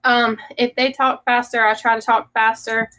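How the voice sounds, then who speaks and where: A woman's voice: on the high side, level tone, moderate pace, sharp tone, low-quality recording. A woman with a Southern American accent, co-hosting a business talk show in a friendly, chatty way. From southern United States. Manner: friendly, chatty, lightly laughing. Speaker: co-host. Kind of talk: casual business chat.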